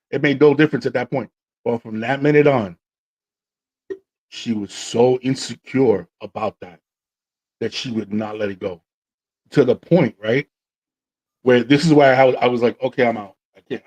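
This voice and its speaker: A man's voice: mid-range voice, slightly rough, lo-fi sound. Slangy man hosting a podcast. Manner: animated, slangy, acts out quotes. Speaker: podcast host. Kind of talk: casual storytelling chat.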